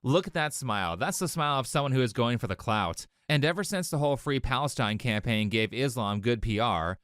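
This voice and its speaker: A man's voice: medium pitch, expressive, brisk, a bit bright, clean tone, no echo, clean studio sound. A man delivering scripted opinion commentary in a sarcastic, lecturing way. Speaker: video commentator.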